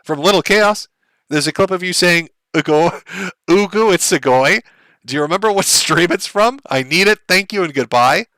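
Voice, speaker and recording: Brief: middle-aged male streamer, wry and jokey, bright, fairly high voice, dry close mic. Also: moderate pace, no room sound. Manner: wry, laughs at his own jokes. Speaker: livestream host. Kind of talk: casual stream chat reading viewer messages aloud.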